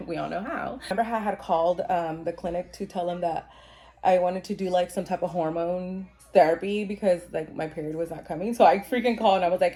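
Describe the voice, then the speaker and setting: A young woman with a slightly low voice tells a long personal story to the camera in a casual, get-ready-with-me vlog. She rambles in a chatty way, full of fillers and the odd swear word. She acts out what everyone said as she goes. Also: fast talker, darkish tone. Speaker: vlogger telling a personal story.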